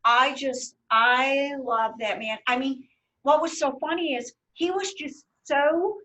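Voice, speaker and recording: A middle-aged woman hosting a casual chat, telling lively stories and laughing often. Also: sits high, takes it slowly, low-quality recording. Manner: animated storyteller, laughs often. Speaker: host.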